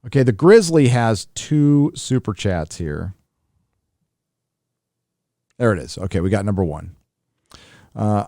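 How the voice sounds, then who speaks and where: A man's voice: fairly low pitch, lively intonation, slow pace, pauses often, warm tone, no room sound, clean studio sound. A man hosting a live stream, reading viewer messages in loose, casual talk with fillers, restarts and swearing.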